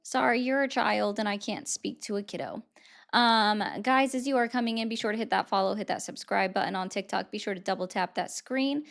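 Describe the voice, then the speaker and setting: A woman's voice: medium pitch, fairly quick, gravelly, soft background music. Chatty woman hosting a live stream. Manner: chatty, self-deprecating, rambling. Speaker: livestream host taking callers. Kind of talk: casual livestream chat.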